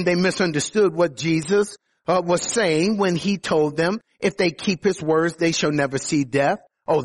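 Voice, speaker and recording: Slow, high-voiced man preaching. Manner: emphatic, rises on quoted words. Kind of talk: sermon.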